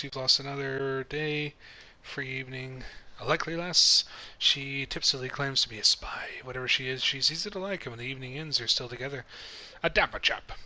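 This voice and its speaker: Male let's-player, casual, reads game text aloud with offhand asides; very bright, cutting tone. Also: medium pitch, rough recording. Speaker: gameplay commentator. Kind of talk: casual let's-play commentary.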